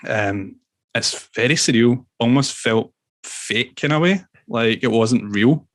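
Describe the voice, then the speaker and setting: A man, a musician as podcast guest, telling animated stories with swearing and laughs. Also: medium pitch, takes it slowly, no room sound. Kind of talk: casual storytelling interview.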